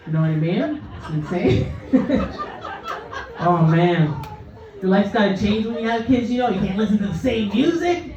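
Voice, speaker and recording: A woman's voice: medium pitch, normal speed, long pauses, noisy background. A woman performing a stand-up comedy set on a club stage, telling stories and acting out the voices in them with lots of animation. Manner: animated, acts out her own and others' voices. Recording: echoey comedy club from far off, dull sound, crowd laughing. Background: audience laughter.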